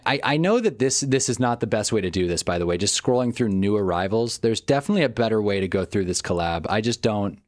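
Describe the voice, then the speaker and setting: A man live streaming, chatting casually and rambling as he reacts to things on screen and talks to his chat, often laughing. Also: fairly low pitch. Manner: talks to chat while browsing online.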